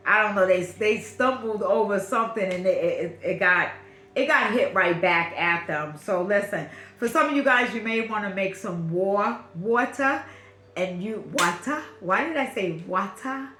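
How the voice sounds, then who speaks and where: A woman's voice: mid-range voice, lively intonation, normal speed, sharp tone, roomy sound. A woman from Brooklyn with a Brooklyn accent, giving a channeled spiritual reading in a repetitive, affirming, emphatic way. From Brooklyn, New York. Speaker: spiritual reader.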